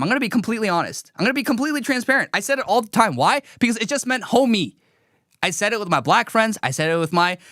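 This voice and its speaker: A man hosting a live commentary show, talking in an animated, sarcastic way. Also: very high-pitched, no room sound, studio quality. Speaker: show host.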